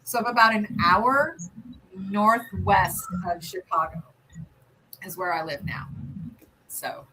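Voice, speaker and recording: Speaking slowly with long pauses, this US-based livestream host has a medium-pitched, husky voice with a bright, forceful tone. She chats casually over nail art, rambling and restarting with lots of ums, all captured in low-quality audio.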